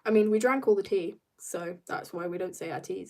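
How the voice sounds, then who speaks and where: A woman's voice: medium pitch, a little mellow, distant mic. British teen girl streamer, chatty and giggly, talks while she draws, sits a bit off-mic. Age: teens. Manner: rambling, giggly, talks in quick bursts. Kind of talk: casual livestream chat while drawing.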